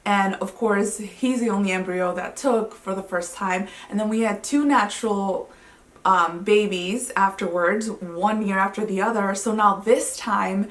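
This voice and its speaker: A woman in her thirties, a vlogging mother, telling her story in a chatty, excitable way with lots of fillers. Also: mid-range voice, unhurried. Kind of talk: casual storytelling to camera. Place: home living room. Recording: roomy echo, mic at a distance.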